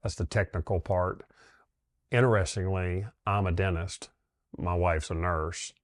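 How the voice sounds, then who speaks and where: A middle-aged man, a dentist, telling his wife's story in a halting, heartfelt way, with many pauses and fillers. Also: low voice, fairly even intonation, no room sound, studio quality. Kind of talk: personal reflective storytelling.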